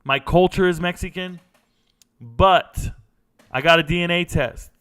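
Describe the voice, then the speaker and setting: A man's voice: high-pitched, measured pace, a bit bright, clean tone. A man hosting a casual sports livestream, running through scores and answering viewer questions in a loose, blunt, slangy way. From United States. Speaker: sports show host.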